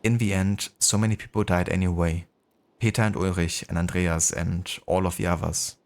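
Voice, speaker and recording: German-accented guy reading as a soft-spoken old dad, regretful, really low voice. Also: little pitch movement, moderate pace. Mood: reflective. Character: older father, gentle and regretful. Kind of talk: reading game dialogue aloud.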